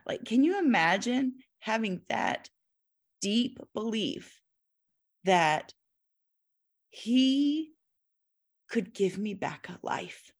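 A woman's voice: fairly high pitch, animated, drawn-out words, long pauses. A woman guest on a podcast, talking earnestly about scripture and leaning on her key words. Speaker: Bible teacher guest. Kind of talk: reflective faith discussion.

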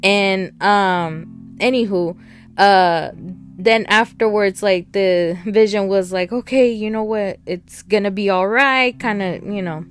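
A woman's voice: mid-range voice, slow pace, clean tone, soft background music. Chatty woman recapping a TV episode. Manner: chatty and rambling, acts out characters' lines. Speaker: TV show reviewer. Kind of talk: casual recap and review.

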